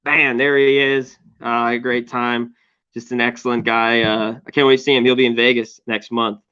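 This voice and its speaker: A man hosting a sports betting show, chatting loosely and joking, with a voice going hoarse. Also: mid-range voice, little pitch movement, moderate pace, highs cut off. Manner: loose, joking, lots of shout-outs. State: losing his voice. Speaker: sports betting podcast host. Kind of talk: casual sports betting chat.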